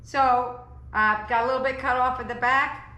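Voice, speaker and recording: Bright, chatty woman hosting a home cooking vlog. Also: high-pitched, steady tone, moderate pace, reverberant. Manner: upbeat, chatty, coaxing family to taste. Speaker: cooking channel host. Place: home dining table.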